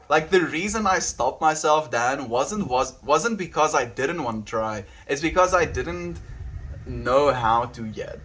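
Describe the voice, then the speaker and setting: A man streaming live, reading viewer chat aloud in a playful, giggly way and turning earnest and gentle when he reflects. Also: a little high, measured pace, a little hiss or hum, rough recording. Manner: playful and giggly, often laughing. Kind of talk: casual livestream chat.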